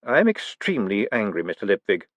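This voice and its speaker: A man voicing a cold, dry, menacing aristocratic male tyrant, speaking slowly and precisely. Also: on the low side, big pitch swings, no room sound. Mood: cool menace. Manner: slow, measured, precise and icy.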